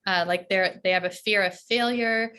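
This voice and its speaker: A woman coach with a mid-range voice, talking freely in a relaxed podcast interview. She keeps checking in with "right?" and breaks into laughs often. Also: mid-range voice, moderate pace. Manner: chatty, tags sentences with "right?" and laughs often. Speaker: performance coach.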